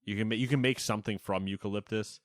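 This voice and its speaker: A man's voice: fairly low pitch, steady tone, quick pace, no echo. A man co-hosting a casual gaming podcast, joking and laughing as he runs through a list of news. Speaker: podcast co-host. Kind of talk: casual chat.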